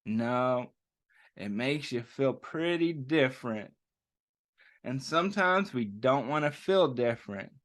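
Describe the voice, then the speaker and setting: A man hosting a children's story time, reading a picture book aloud and asking the kids gentle questions as he goes. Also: medium pitch, expressive, slow.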